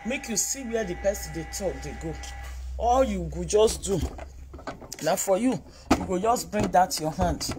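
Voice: medium pitch, lively intonation, unhurried, pauses often, noisy background. A speaker with a Nigerian accent lecturing online commenters in a scolding, repetitive monologue.

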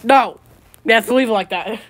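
A woman's voice: fairly high pitch, brisk. A woman hosting a puppet comedy skit, bossy and giggly as she orders the other characters around. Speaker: puppeteer host.

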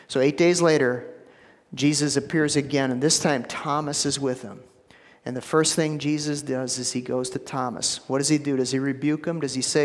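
A man's voice: on the high side, normal speed, in a large hall. A man preaching a sermon as pastor, casual and conversational, with repeated words and asides. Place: church sanctuary.

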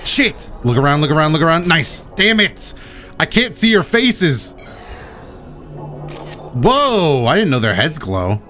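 Excitable man with a lively, high-ish voice. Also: measured pace, pauses often, soft background music. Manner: excitable, gasping and shouting at creatures on screen. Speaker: streamer. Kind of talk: excited let's-play commentary.

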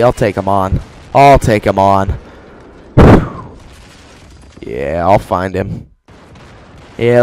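A man commenting over his gameplay in a mock-serious deadpan voice that breaks into excited outbursts. His voice sits in an ordinary middle pitch. Faint noise and game gunfire run behind him. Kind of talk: joking live game commentary. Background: game gunfire and explosions.

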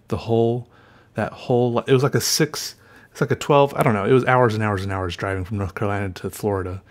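A man's voice: fairly low pitch, brisk. A young man chatting casually while drawing, rambling through a story and often correcting himself mid-sentence. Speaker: artist vlogger.

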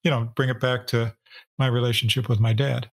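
A middle-aged man co-hosting a faith podcast, speaking in a calm, steady teaching tone. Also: mid-range voice, fairly quick. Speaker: podcast co-host.

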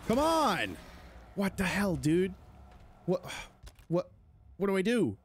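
A man's voice: high-pitched, slow pace, a little mellow, a little hiss or hum. A male gaming host giving let's-play commentary, panicky and jittery, talking to the enemies on screen as he plays. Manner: jittery, panicky running reactions.

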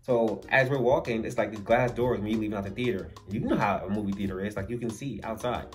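A man telling a funny story in a storytime vlog, animated and acting out the voices of the people in it. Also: lowish voice, fast, faint music behind.

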